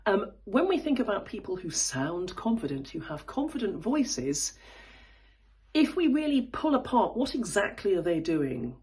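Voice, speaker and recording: Woman, public speaking coach, husky voice, lively pitch swings, spoken lesson. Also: a little slow. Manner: demonstrates high and low pitch while explaining; thoughtful, with frequent fillers and restarts.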